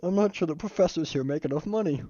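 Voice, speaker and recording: A man's voice: on the high side, fast talker, warm tone, highs cut off, slight background noise. A man streaming a casual game playthrough, reading the text aloud and joking and swearing at it.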